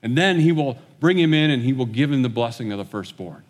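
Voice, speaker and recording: A man's voice: mid-range voice, expressive, fairly quick. A male pastor delivers a sermon in an easy, conversational manner, retelling a story and voicing its characters as he goes. His voice sits in a middle register. A long reverb trails each phrase, as in a large hall. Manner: conversational storytelling, acting out quotes.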